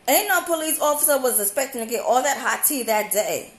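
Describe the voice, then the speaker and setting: A young woman telling a personal story in an animated, slangy way, repeating phrases for effect. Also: high voice, slow, pauses often, echoey room. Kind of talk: storytime vlog.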